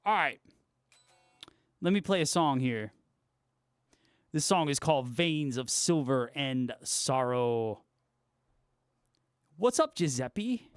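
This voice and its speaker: A man's voice: mid-range voice, slow, pauses often, clean tone, no echo, studio quality. A young man hosting a guitar livestream, chatting casually with viewers, laid-back and swearing freely. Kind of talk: casual chat reading viewer comments.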